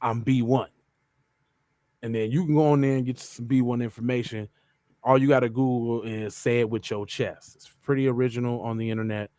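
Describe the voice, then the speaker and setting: A man's voice: mid-range voice, darkish tone, no room sound. A man hosts a podcast and chats casually about merchandise with a loose, playful delivery. His voice sits in a middle register. The room is dry, the sound close. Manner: loose, playful, chanting asides. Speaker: podcast host. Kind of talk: casual merch pitch to viewers.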